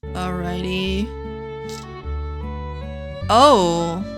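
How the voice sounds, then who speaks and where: A woman's voice: fairly low pitch, extremely slow, fairly bright tone, faint music behind. Chatty woman reacting to game outfits. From Netherlands. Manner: chatty, reactive, dramatic mock outrage. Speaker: gaming content creator. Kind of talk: casual game commentary.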